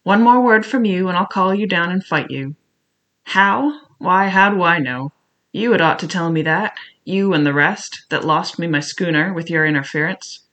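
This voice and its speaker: A man voicing a cunning pirate cook with rough sailor speech, wheedling and bullying by turns, as an audiobook character. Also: a little high, normal speed, pushed and bright. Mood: menacing. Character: cunning one-legged male pirate cook, scheming.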